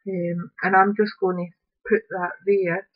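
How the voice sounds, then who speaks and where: A woman's voice: on the low side, little pitch movement, unhurried, highs cut off. A woman, chatting casually while demonstrating a craft project at home and thinking aloud as she works. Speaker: craft tutorial host. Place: upstairs room at home.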